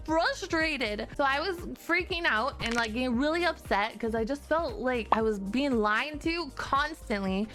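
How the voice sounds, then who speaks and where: A woman streamer telling a frustrating story in a casual, animated rant, acting out both sides of the conversation with exasperation. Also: high-pitched, moderate pace, few pauses, soft background music.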